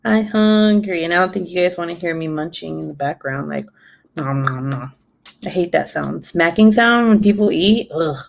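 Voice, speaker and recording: A woman's voice: fairly low pitch, fairly quick, vocal fry, few pauses. A young woman chatting casually and rambling on her live stream, giggling often. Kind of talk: casual chat.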